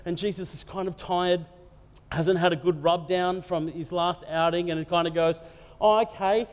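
A man with a fairly high voice gives a humorous sermon, chatty and full of jokes as he tells the story. His voice rings with long reverb, as if it were picked up in a large hall. The delivery sounds casual rather than formal. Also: little pitch movement, moderate pace. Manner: conversational, jokey and storytelling. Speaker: preacher.

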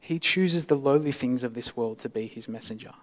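A male pastor delivering a sermon, swinging from loud emphasis to hushed, near-whispered lines. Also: mid-range voice, brisk. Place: church. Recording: long reverb of a church hall.

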